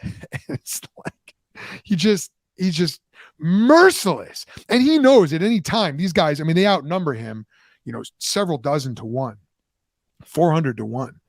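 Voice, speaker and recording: A man, a podcast host and former pastor, retelling a Bible story in casual talk, animated, with restarts and asides. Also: fairly high pitch, measured pace, no echo.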